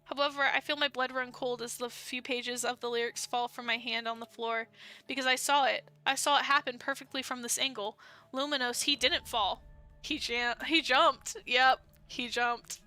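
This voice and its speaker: A young woman streaming a dating-sim game, reading its story aloud with feeling and jumping in with excited reactions. Her voice is bright, smooth and a touch high, recorded close and dry with faint game music underneath. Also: normal speed.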